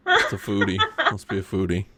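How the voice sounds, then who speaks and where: A man's voice: sits low, wildly swooping pitch, fairly quick, bright, forceful tone. A man co-hosting a podcast in casual chat, laughing often and restarting his sentences. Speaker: podcast co-host.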